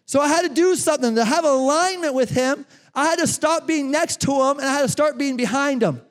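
A man preaching a sermon to his congregation, animated and out of breath, addressing them directly. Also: extremely high pitch, fairly quick. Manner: animated, talks straight to the congregation. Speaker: pastor. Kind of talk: sermon with a live running demonstration. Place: church sanctuary. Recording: long reverb of a large church hall.

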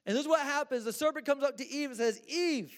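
A man's voice: extremely high pitch, fast talker. A man preaching a sermon in a church, casual and joking with slang. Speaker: pastor. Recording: echoey church hall.

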